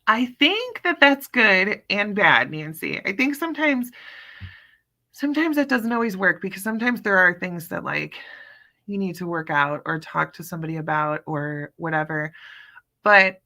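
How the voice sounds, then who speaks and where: A woman's voice: on the low side, normal speed, pushed and bright. A woman in her thirties, hosting a casual chat show and telling stories in a chatty way with lots of fillers. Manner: chatty, storytelling, many fillers. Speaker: podcast host.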